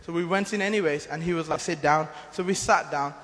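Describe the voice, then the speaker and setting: A man's voice: on the high side, brisk, fairly bright tone. Earnest man, ringing hall. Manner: earnest, rambling storytelling with many restarts. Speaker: mission team member giving testimony. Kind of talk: church testimony. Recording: long hall reverb.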